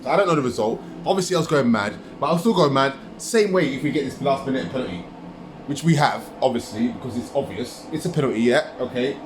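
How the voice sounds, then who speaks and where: A man's voice: mid-range voice, reverberant, background noise. A man ranting through a live football match reaction, agitated and repeating himself. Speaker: football fan vlogger.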